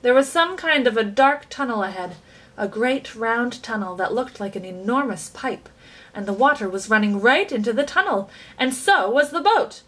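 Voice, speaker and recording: A woman reading a children's book aloud with expressive, animated storytelling. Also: a little high, moderate pace, rough recording. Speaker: reader.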